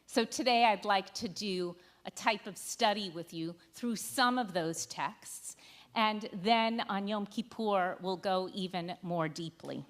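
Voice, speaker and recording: A woman's voice: medium pitch, measured pace. A woman rabbi teaching a sermon text study, speaking conversationally with wry asides to the congregation and dramatizing quoted lines. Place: synagogue sanctuary.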